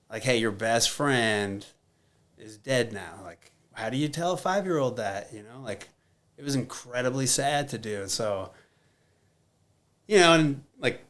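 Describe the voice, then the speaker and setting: This man's voice is medium in pitch and a bit bright. In his thirties and a guest on a podcast, he shares a personal story in a blunt, candid way, cursing often and using lots of fillers.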